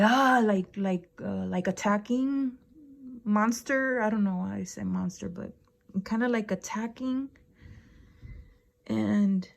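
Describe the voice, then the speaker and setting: A woman's voice: medium pitch, gravelly, warm tone. A woman vlogger telling a dream story in a casual, rambling way, with slangy phrasing, lots of fillers and swearing. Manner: slangy, laid-back phrasing.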